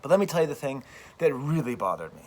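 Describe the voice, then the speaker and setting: An American man, a French professor hosting his own channel, delivering an animated, emphatic opinion rant outdoors, often repeating phrases. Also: mid-range voice, fast talker.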